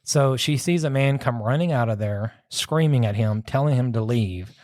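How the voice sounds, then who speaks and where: A man's voice: medium pitch, moderate pace, a little mellow, no room sound, clean studio sound. A man casually telling a long ghost story, rambling and circling back with "so anyways.". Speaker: podcast host telling a story.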